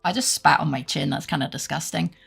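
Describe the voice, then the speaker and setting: Chatting casually with her live viewers, a British streamer rambles, swears freely, pokes fun at herself and laughs often. Her deep voice is bright and sharp, runs a little fast, and gets a gravelly crackle at phrase ends. Soft music plays quietly in the background.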